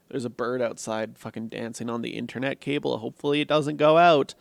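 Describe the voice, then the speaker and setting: A man's voice: mid-range voice, little pitch movement, fairly quick, vocal fry, dry recording. A man giving a casual, blunt film review, swearing freely and laughing at his own jokes. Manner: blunt, profane and sarcastic. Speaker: movie reviewer.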